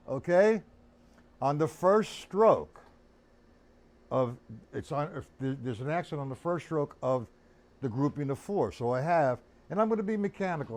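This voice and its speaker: A man's voice: medium pitch, slight background noise. A man teaching a casual drum lesson on a live stream, talking bluntly and calling viewers by name.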